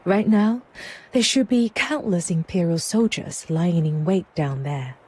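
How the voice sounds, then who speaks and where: A woman voicing a shrewd, composed female merchant proprietress who talks in a calm, polished and cunning way in a game cutscene. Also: on the low side, unhurried, husky. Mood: knowing.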